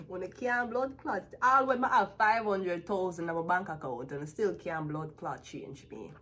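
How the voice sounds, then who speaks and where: Husky lady ranting at the camera, swears a lot, blunt and loud about it. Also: on the low side, normal speed, hardly any pauses. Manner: profane, blunt, emphatic, laughs often. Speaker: tarot reader. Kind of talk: unscripted rant to camera.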